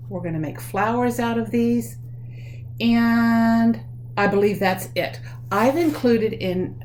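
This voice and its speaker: A woman leading a children's craft lesson from home, explaining things slowly and warmly for kids, with many pauses and ums. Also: mid-range voice, a little hiss or hum.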